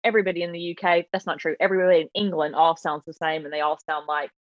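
A woman's voice: low voice, flat delivery, racing, no room sound. A woman from the Southern United States with a Southern American accent touched by Yorkshire, chatting casually as a guest and acting out what people say to her. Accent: Southern American with some Yorkshire. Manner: chatty, quotes people in put-on voices. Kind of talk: casual video-call chat. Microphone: video call. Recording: dull, dry video-call audio.

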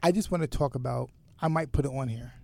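Gravelly man in casual chat. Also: mid-range voice, quick pace, warm tone. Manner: hesitant, many fillers and restarts, laughs while telling stories.

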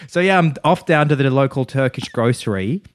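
A man's voice: medium pitch, animated, a little fast, no echo, studio quality. A man joking and laughing in a casual podcast chat, swearing freely. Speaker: podcast co-host.

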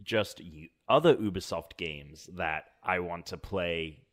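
Man, low voice, podcast co-host, casual, trails off, laughs a lot. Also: slow, dry recording, clean studio sound. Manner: laughs often, trails off mid-sentence. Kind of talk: casual chat.

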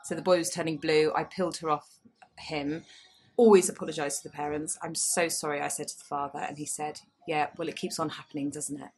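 A woman in her thirties co-hosting a podcast, telling stories in an animated, self-mocking way. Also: low voice, fairly quick, breathy edge. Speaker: podcast co-host. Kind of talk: casual chat. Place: small public toilet.

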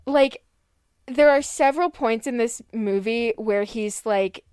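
A woman chatting casually as a podcast co-host, rambling and animated, with lots of fillers and laughter. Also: fairly high pitch, a little slow, clean tone, no echo, clean studio sound.

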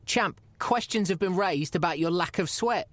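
A man's voice: high voice, moderate pace, dry recording. An actor playing an earnest, pushy male podcast interviewer who nags and pleads in a comedy audio drama. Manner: pleading and nagging, rising to frantic shouts. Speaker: podcast host character.

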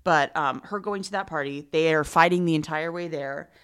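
Woman co-host with a low voice, gossipy and emphatic, chimes in to agree. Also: moderate pace, clear, resonant tone. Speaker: podcast co-host. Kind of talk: casual chat recapping reality TV.

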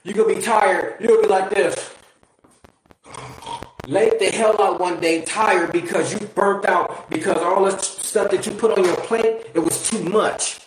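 A high-voiced man delivers a blunt motivational monologue, swearing casually and pressing the listener with direct questions. His voice bounces around a roomy, echoey space. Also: a little slow, a little hiss or hum. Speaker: motivational speaker. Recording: roomy echo.

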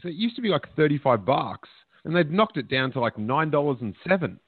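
A man's voice: fairly high pitch, big pitch swings, fairly quick, few pauses, slightly rough, no echo. A man hosting a podcast, telling rambling stories in a jokey, chatty way. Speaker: podcast host. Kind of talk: casual chat. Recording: dry, phone-like narrow sound.

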